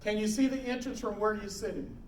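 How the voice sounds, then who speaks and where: A middle-aged man teaching emergency preparedness to a live audience, animated, quizzing the room and acting out scenes. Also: high-pitched, fairly quick. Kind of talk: live classroom talk. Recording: roomy hall, distant mic, faint noise.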